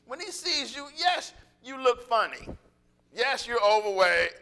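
A man preaching a sermon, animated and joking, acting out little voices and calling out to the congregation. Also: very high-pitched, a little slow. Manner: animated, joking, acts out voices, laughs often; calls out to congregation.

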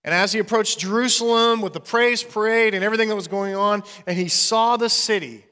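A man's voice: high voice, a little fast, few pauses, bright, forceful tone, long reverb tail. A man preaching a sermon as pastor, earnest and conversational.

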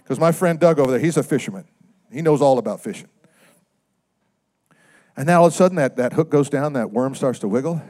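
A man preaching a sermon in a conversational way, often asking the congregation questions and swinging from loud emphatic lines to quiet low asides. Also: animated, a little fast, pauses often. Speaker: pastor.

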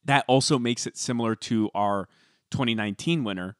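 A man co-hosting a podcast, chatting casually and telling stories with animated emphasis. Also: medium pitch, fairly quick, smooth, no room sound, clean studio sound. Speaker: podcast co-host.

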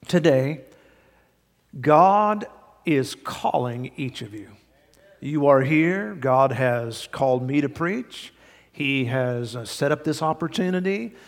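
Pastor, male, gravelly tone, emphatic conversational sermon delivery, recorded in a reverberant sanctuary. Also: fairly high pitch. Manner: emphatic, conversational preaching with rising exclamations. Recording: long hall reverb.

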